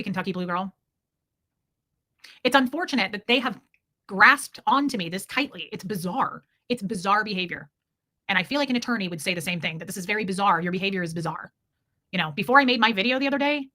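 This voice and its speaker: A woman's voice: medium pitch, animated, fairly quick, pushed and bright. A woman hosting a casual livestream, answering chat in a blunt, indignant way with repeated emphasis. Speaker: livestream host reading chat.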